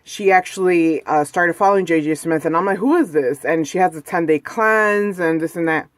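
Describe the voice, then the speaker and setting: A woman with a fairly low voice talks at normal speed in a dry recording, vlogging from inside her home. Chatty and rambling, she tells a personal story laced with plenty of "like" and "you know."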